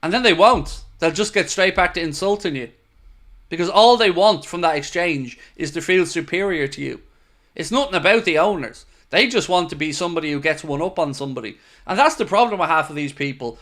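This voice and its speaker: A man's voice: on the high side, expressive, brisk, a bit bright. A man hosting a live fan stream, reading viewer messages and answering them in a frustrated, emphatic way, swearing now and then. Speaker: fan channel host.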